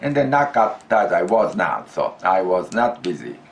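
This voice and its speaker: A man teaching a grammar lesson, speaking deliberately and repeating phrases for drills. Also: sits low, sing-song, creaky. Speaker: Japanese language teacher.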